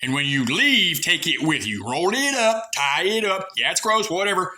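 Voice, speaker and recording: Sharp-voiced sarcastic ranting man. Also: high-pitched, very animated, normal speed. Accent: rural American. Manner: folksy, coarse talk. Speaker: vlogger airing grievances. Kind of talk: rambling monologue to camera.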